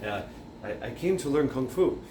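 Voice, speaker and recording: A man voicing an eager, clumsy young male kung fu student in a lively, pitched-up retelling. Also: normal speed, far from the mic, natural voice. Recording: roomy echo, faint background noise.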